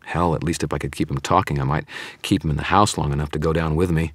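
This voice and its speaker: Male audiobook narrator, very deep voice, husky, dramatic measured pace, dry close mic. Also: steady tone, fairly bright tone, no room sound. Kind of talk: scripted narration.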